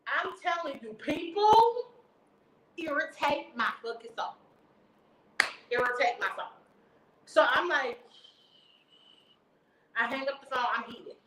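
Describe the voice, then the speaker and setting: A woman telling a storytime vlog story in casual, profane, animated chat. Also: high-pitched, slow, long pauses, reverberant, slight background noise, poor audio. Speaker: vlogger.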